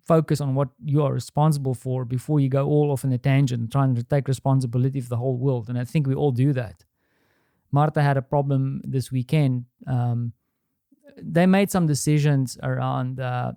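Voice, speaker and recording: A middle-aged man thinking out loud in a candid, rambling solo monologue, restarting sentences and swearing now and then. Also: medium pitch, clean tone, dry recording, studio quality. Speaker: podcast host. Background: quiet home.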